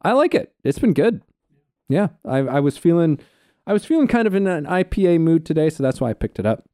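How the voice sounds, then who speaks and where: A man's voice: fairly high pitch, big pitch swings, a little fast, mellow, no room sound, studio quality. An easygoing man co-hosting a casual podcast. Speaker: podcast co-host.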